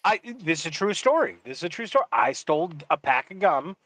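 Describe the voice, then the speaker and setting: Man, casual podcast chat, swears a lot, joking storyteller, higher voice, dry close sound. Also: very animated, a little fast, a bit bright, no room sound. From Upper Peninsula of Michigan. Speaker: podcast producer and co-host.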